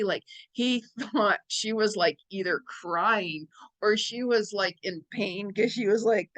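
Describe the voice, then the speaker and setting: A woman's voice: medium pitch, measured pace, low-quality recording. Rambling, chatty woman psychic. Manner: rambling and chatty, laughs often. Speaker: psychic medium. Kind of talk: casual astrology vlog monologue.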